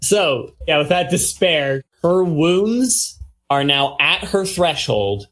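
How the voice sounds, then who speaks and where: Slow, measured male game master. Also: a little high, lively intonation, fairly bright tone. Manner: measured, descriptive narration with rules talk. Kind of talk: narrating a tabletop game.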